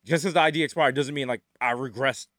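Man from new york, fast talker, animated swooping pitch, dry close sound, casual storytelling. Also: dry recording. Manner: animated storytelling, acts out quotes. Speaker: podcast co-host; former nightclub security. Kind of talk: casual chat.

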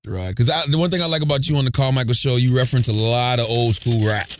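A man's voice: medium pitch, fast, slight background noise. A man co-hosting a podcast, telling stories with emphasis and reading ads. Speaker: podcast co-host. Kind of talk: casual podcast chat and ad reads.

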